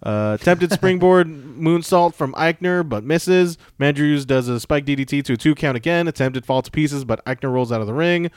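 A man co-hosting a casual podcast, reading through his notes with quick asides and jokes. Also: fairly high pitch, smooth, no room sound, clean studio sound. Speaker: podcast co-host recapping wrestling. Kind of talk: casual recap chat.

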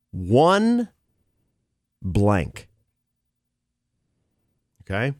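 A man's voice: a little high, no echo, studio quality. A man hosting a morning radio show, joking with his co-host and callers, laughing often and stumbling over his wording. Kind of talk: casual morning radio banter. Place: radio studio. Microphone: studio microphone.

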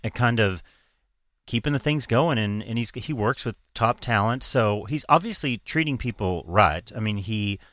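A man's voice: lowish voice, lively intonation, moderate pace, a bit bright, no room sound. A man hosting a podcast in casual chat, laughing often and swearing freely as he talks. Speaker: podcast host.

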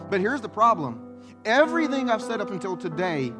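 A man preaching a sermon as pastor, animated, acting out voices and questions. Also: high voice, brisk, music in the background. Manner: animated, acts out voices and questions, southern "y'all".

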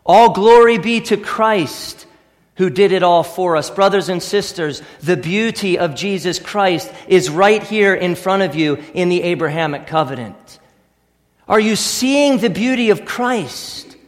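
A man preaches in a church sanctuary, pressing his point with repeated rhetorical questions. His voice sits high for a man. Long reverb from the hall trails after each phrase. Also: lively intonation, measured pace. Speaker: pastor. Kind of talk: sermon.

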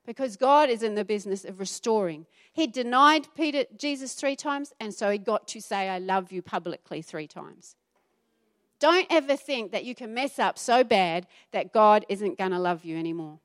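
A middle-aged woman pastor preaching a sermon, acting out the voices she quotes with animated emphasis. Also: mid-range voice, normal speed.

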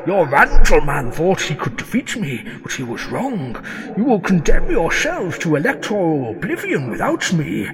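A pompous dragon villain lectures in a high, swooping voice, as a man puts him on at the game table. He sounds grand and full of himself. The voice rings with long reverb over crowd noise. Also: huge pitch swings, normal speed, over music. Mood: grandiose. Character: pompous male villain dragon, menacing then pleading.

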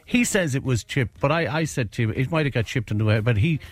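A man's voice: medium pitch, lively intonation, fast talker, no echo. A middle-aged Irish man co-hosting a radio show, telling long chatty stories with plenty of restarts and corrections. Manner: rambling, self-correcting anecdotes. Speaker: radio co-host. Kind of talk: casual storytelling chat.

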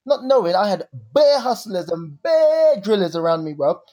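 A young man, co-hosting a podcast and telling stories in a lively, slangy way. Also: sits high, normal speed. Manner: animated storyteller, slangy. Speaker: podcast co-host. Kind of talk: casual chat.

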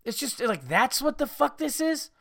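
Gravelly man ranting, swearing freely. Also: very animated, moderate pace, sharp tone, no echo, clean studio sound. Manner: profane, ranting, mimics people in high voices. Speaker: podcast host. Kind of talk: casual rant.

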